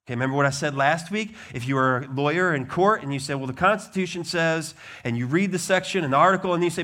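A middle-aged pastor delivers a sermon, alternating loud, emphatic declarations with quiet, conversational asides. His voice is on the high side with lively intonation, and he talks fast with few pauses.

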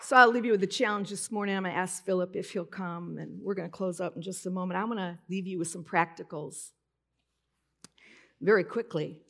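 A woman's voice: on the low side, fairly quick, vocal fry, a bit bright. A woman preaching a conversational, heartfelt sermon in church, telling a personal story with strong emotion. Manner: conversational, emotional, breaks into tears while retelling.

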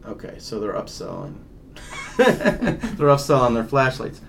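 A man's voice: medium pitch, wildly swooping pitch, unhurried, creaky, a little hiss or hum. A man co-hosting a casual talk about ghost hunting, rambling and restarting his sentences. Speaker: paranormal investigator, co-host. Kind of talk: casual podcast chat.

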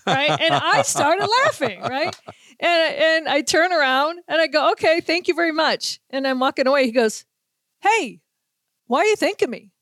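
A woman from Boston, hosting a sports talk show, telling a story in a brisk, animated way and acting out everyone's lines. Her voice sits on the higher side, and the recording is dry and close. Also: no echo. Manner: lively anecdotes with acted-out quotes and laughter. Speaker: sports reporter, podcast host. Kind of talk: casual storytelling chat.

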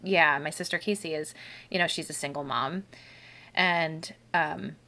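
A woman's voice: low voice, fairly even intonation, unhurried, pushed and bright. A woman hosting a casual chat, telling stories in a loose, chatty way with many fillers.

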